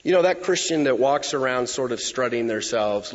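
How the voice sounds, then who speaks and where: A man preaching a sermon, expressive and emphatic, with frequent asides to the congregation. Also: mid-range voice, normal speed, few pauses. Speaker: pastor. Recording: reverberant hall, dull lo-fi sound.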